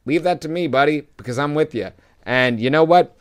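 A young man co-hosting a casual chat, rambling through animated stories with swearing. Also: on the high side, brisk. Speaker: podcast co-host.

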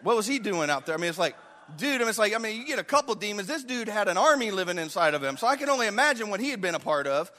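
A man's voice: sits high, expressive, very fast, pushed and bright, long reverb tail. A male pastor preaching a sermon with passion, acting out the voices of the people in the story.

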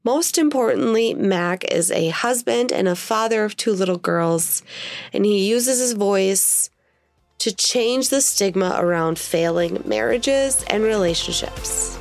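A woman's voice: mid-range voice, animated, measured pace, no echo, clean studio sound, soft background music. A woman hosting a podcast in casual chat, sounding nasal and congested from a sinus infection, chatty and upbeat. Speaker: podcast host.

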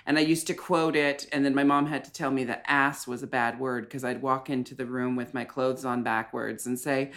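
A man's voice: mid-range voice, fairly even intonation, a bit bright. A man appearing as a podcast guest in casual chat, telling stories in a theatrical way. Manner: slow, theatrical storytelling.

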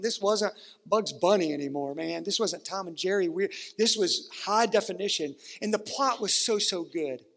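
Male pastor, high-pitched, earnest sermon delivery with drawn-out emphasis, long hall reverb. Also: a bit bright. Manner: earnest preaching with slowed, stretched emphasis.

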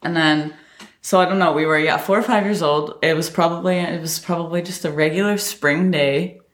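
A young woman casually telling a childhood story with her sister, animated and laughing often. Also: lowish voice, moderate pace. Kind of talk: casual chat. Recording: echoey room.

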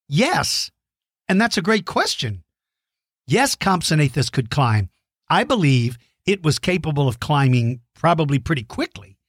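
Middle-aged male kids' show host, enthusiastic and encouraging, slightly high, dry close mic. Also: a bit bright, slightly rough, dry recording. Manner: enthusiastic, encouraging, explains simply. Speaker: host answering kids' dinosaur questions. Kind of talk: friendly kids' show chat.

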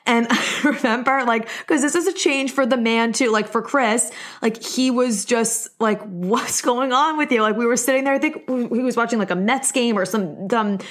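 A woman's voice: fairly high pitch, moderate pace. A young woman hosting a solo podcast, talking casually and openly, peppering her sentences with "like" as she gives earnest, encouraging advice. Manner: chatty, open, leans heavily on "like". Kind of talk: casual personal monologue.

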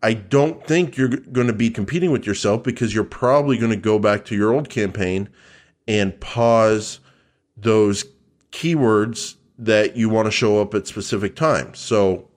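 A man's voice: lowish voice, measured pace. A man co-hosting a podcast, answering a listener's question in a dry, matter-of-fact way. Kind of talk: casual explanatory talk.

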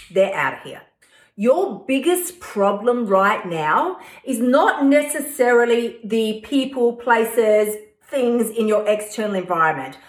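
A woman hosting a motivational weight-loss podcast, blunt and profane in a tough-love manner. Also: mid-range voice. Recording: echoey room.

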